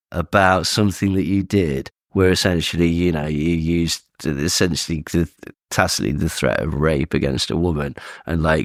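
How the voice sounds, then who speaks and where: A man in casual podcast chat, sweary, animated and scornful. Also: a bass voice, normal speed, hardly any pauses, no echo, clean studio sound. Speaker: podcast co-host.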